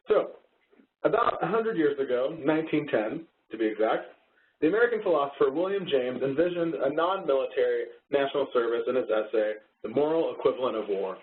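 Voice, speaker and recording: A man co-hosting a training webinar in an easygoing way, over tinny phone-like audio. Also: mid-range voice. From Texas. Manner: easygoing, laughs along at jokes. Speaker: webinar co-host. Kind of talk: casual webinar presentation.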